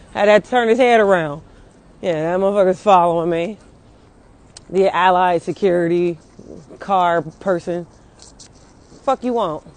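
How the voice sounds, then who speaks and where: A young woman venting casually and angrily on a phone livestream outdoors, swearing often and rambling with many fillers. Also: lowish voice.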